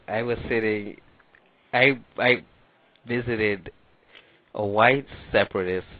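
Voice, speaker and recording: A man being interviewed as an author, explaining his views in an articulate way. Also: low-pitched. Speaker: author, guest. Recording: dry tinny phone line.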